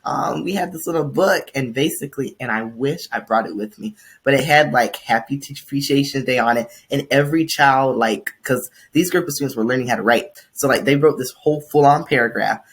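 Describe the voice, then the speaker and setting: A young woman co-hosting a podcast, telling stories animatedly and jumping high in pitch when quoting people. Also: brisk, hardly any pauses, breathy edge. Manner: animated storyteller, swoops high for quotes. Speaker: podcast co-host. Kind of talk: casual chat.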